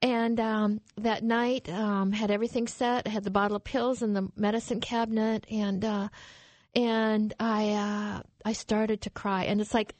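A woman speaking as a guest on a radio interview, telling her personal story earnestly and with emotion. She often trails off and restarts her sentences. Her voice sits at a middle pitch, recorded dry and close. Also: level tone, measured pace, a little mellow, no echo.

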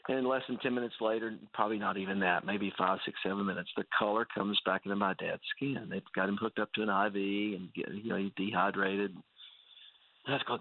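A man's voice: lowish voice, a little fast, dry recording. A man telling an earnest personal story as a guest, talking casually with many restarts. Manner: earnest, full of fillers and restarts. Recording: tinny phone-like line.

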